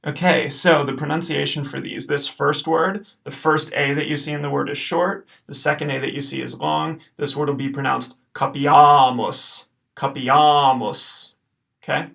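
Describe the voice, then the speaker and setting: A man teaching a recorded homework lesson over slides, explaining step by step in a patient way and checking in with a quick okay. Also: on the high side, steady tone, gravelly, fairly bright tone. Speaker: Latin teacher.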